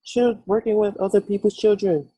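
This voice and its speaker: A man hosting a podcast, telling quick joking anecdotes in casual conversation. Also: high-pitched, steady tone, mellow, slightly rough, dry recording. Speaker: podcast host.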